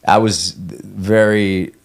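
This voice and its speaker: A man's voice: fairly low pitch, flat delivery, extremely slow, vocal fry. A young man talking candidly on a podcast, rambling and swearing as he tells a running story, often restarting his sentences. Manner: rambling, profane, self-coaching, frequent restarts. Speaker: guest, ultramarathon runner. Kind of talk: candid conversational podcast talk.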